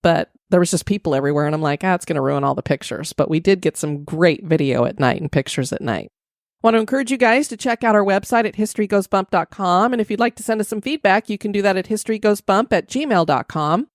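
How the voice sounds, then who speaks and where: Woman, podcast host, chatty, casual, mid pitch, dry close sound. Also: lively intonation, quick pace, dry recording. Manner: chatty and conversational.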